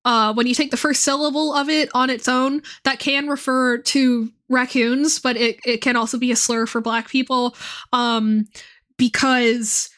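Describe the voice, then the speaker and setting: A woman's voice: a little high, steady tone, unhurried, fairly bright tone. A young woman streaming and chatting casually, rambling with lots of fillers and swearing. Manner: rambling, profane, many fillers.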